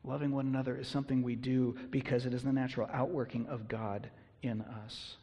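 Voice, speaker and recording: A man's voice: mid-range voice, flat delivery, brisk, dark tone, husky, long reverb tail. A man preaching a sermon as pastor, earnest and emphatic, with rhetorical questions.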